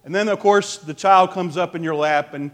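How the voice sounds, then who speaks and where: A man pastor delivering an animated sermon, asking the congregation questions. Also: high voice, normal speed. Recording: long reverb of a large hall.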